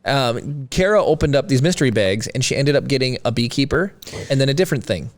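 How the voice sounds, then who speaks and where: A man's voice: mid-range voice, expressive, quick pace. A man co-hosting a podcast, telling stories in a rambling, playful way, full of fillers. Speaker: podcast co-host. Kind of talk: casual chat.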